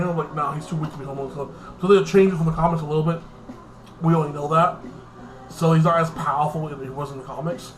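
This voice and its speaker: A man's voice: on the high side, a little hiss or hum, poor audio. A young man casually recapping and reviewing a TV episode, rambling with constant filler words and swearing.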